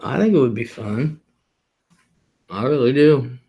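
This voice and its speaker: A man's voice: mid-range voice, unhurried, warm tone. A middle-aged man hosting a livestream, talking casually and rambling about his day, often laughing and swearing offhandedly. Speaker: livestream host.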